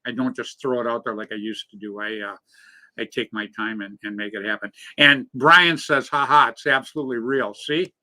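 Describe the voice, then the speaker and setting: A man's voice: lowish voice, moderate pace, pushed and bright. A middle-aged man co-hosting a live talk show in casual, jokey banter. He rambles and laughs easily. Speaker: co-host of a live paintball show.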